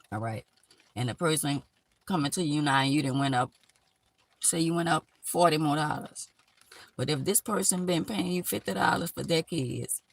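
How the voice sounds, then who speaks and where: Gravelly, blunt woman live-streaming. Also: sits low, fairly bright tone. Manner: blunt, emphatic, preachy street-talk. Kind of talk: casual live-stream monologue giving life advice.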